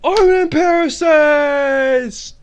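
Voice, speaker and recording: A man's voice: very high-pitched, slow, pitched above the performer's own voice. A man doing a parody impression of a male pundit moaning in climax, repeating short phrases.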